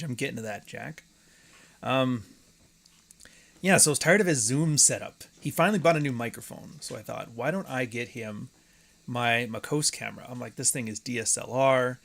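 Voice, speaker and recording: Male podcast host, mid-pitched voice, rambling, profane, joking solo chat. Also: fairly bright tone. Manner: rambling, profane, jokey asides.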